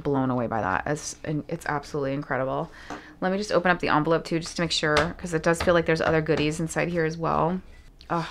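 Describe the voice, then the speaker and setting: Woman vlogger, deep-pitched, chatty unboxing delivery, effusive with awed hushed asides. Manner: gushing and effusive, drops to awed whispers. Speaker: vlogger unboxing fan mail. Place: home studio.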